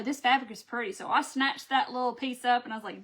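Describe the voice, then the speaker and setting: A chatty woman with a drawl talks viewers through a craft project live, her voice sitting a little high. She chats along as she works and laughs at her own fumbles. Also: a little fast, hardly any pauses, a bit bright. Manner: chatty, laughing at herself, talking to viewers while working. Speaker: craft host. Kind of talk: live craft stream chat.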